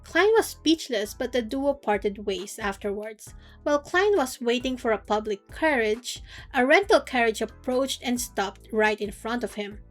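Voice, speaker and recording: A woman casually recapping a novel's chapters in a playful, slangy, joking way. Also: fairly high pitch. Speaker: book recap youtuber. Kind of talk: casual chatty story recap.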